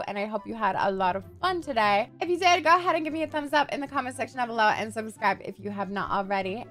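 In a fairly high-pitched voice, a young woman narrates her gameplay for YouTube in a relaxed let's-play style. Expect profanity, lots of excitement, and sudden theatrical outbursts.

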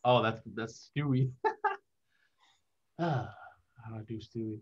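A man's voice: medium pitch, a little slow, pauses often. Young guy rambling in a casual interview, laughs a lot, kinda muffled audio. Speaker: guest, content creator.

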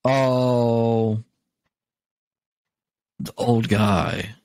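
A man co-hosting a casual podcast, laughing often and retelling comedy bits with lively asides. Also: medium pitch, extremely slow, clean tone, dry recording, studio quality. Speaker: podcast co-host. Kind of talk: casual chat.

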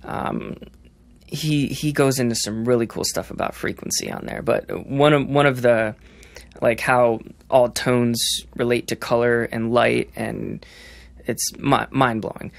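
A young man with a slightly gravelly voice walks through rhythm ideas on a podcast, humming out the beats as he goes. He backs up and restarts often, thinking aloud. The sound is dry and close. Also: mid-range voice, unhurried, no room sound. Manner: explains by singing rhythms, many fillers and restarts. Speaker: drummer guest. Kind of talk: podcast interview, explaining rhythm.

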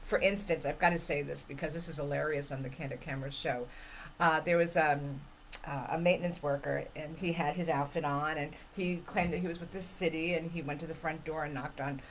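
Lively storytelling woman, lowish voice. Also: fairly quick, a little hiss or hum, low-quality recording. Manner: animated, laughs while telling stories, acts out quotes. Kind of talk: casual chat, storytelling.

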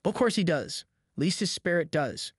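A man's voice: a little high, animated, moderate pace, no room sound, studio quality. A man voicing Huckleberry Finn, a scared backwoods boy. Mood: frightened hush. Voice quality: rough country dialect speech. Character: scared superstitious boy, rustic backwoods talk.

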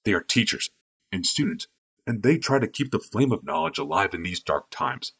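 A man reading an audiobook, voicing a stern, protective older male mage in firm, low-voiced urging with a husky tone. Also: very animated, moderate pace, a bit bright, heavily acted. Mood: urgent, firm. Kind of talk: audiobook character voice.

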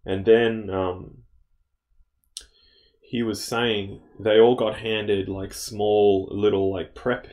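A man's voice: fairly low pitch, flat delivery, slow pace, darkish tone. A young man recounting a dream as a casual spoken testimony, rambling with many fillers and restarts.

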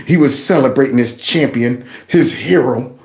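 A man's voice: medium pitch, moderate pace, a little mellow, echoey room. A man hosting a reaction commentary, laughing and sarcastic as he mocks a clip. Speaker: host.

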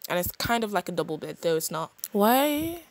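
A young woman casually narrating a life-sim game, chatty and expressive with quick reactions. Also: fairly low pitch, gravelly. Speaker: gaming channel host.

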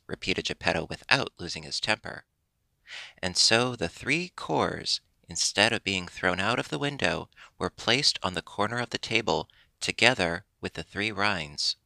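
A man narrating a classic children's storybook in a steady, measured reading. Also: deep voice, gravelly, no echo. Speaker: audiobook narrator.

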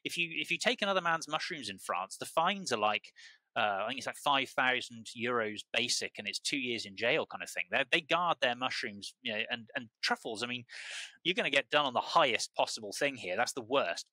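Bright, animated British man telling stories. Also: mid-range voice, a little fast, dry recording, poor audio. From United Kingdom. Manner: rambling and animated, with many restarts and repeated words. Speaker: truffle grower, podcast guest. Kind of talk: casual conversational storytelling.

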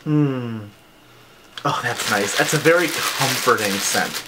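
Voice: medium pitch, slow. Chatty vlogger unboxing, noisy crinkles. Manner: chatty, lots of "like" fillers. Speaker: vlogger reviewing candle scents. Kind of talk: casual unboxing chat.

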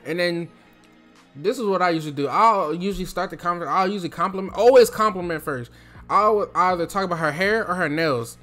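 A man's voice: high-pitched, a little fast, pushed and bright, soft background music. A young man from New Jersey giving casual advice in a loose, slangy, chatty way, speaking from his throat.

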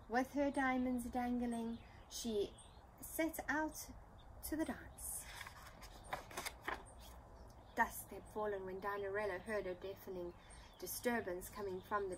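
A woman reading a children's storybook aloud in an unhurried, expressive manner. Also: medium pitch, a little hiss or hum, rough recording. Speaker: storybook reader.

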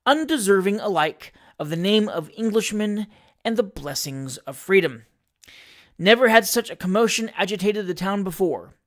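A reader narrating a classic novel in a theatrical, expressive way. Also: medium pitch. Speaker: audiobook reader.

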